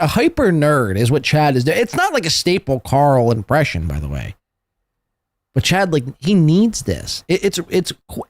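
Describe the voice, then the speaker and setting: A man hosting a podcast, commenting on played clips in a mocking, sarcastic way that swings up into a high pitch when he ridicules someone. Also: dry recording. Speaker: podcast host.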